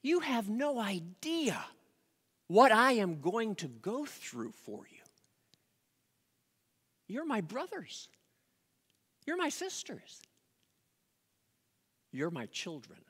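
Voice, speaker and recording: A preacher speaking as Jesus, a calm, commanding grown man, in an earnest, reassuring way. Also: medium pitch, slow, long pauses, slightly rough, exaggerated voice. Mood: tender. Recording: long reverb of a large hall.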